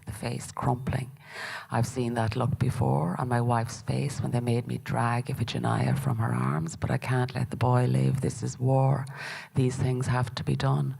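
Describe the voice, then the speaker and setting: A woman playwright giving a measured, steady dramatic reading of her own work. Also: rumbling low, gravelly, breathy edge, low-quality recording.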